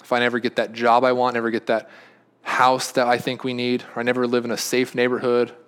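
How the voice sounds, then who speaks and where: A man preaching a sermon as pastor, earnest, often repeating and restarting phrases, swinging from emphatic peaks to quiet, soft statements. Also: mid-range voice, completely flat delivery, fairly quick, smooth.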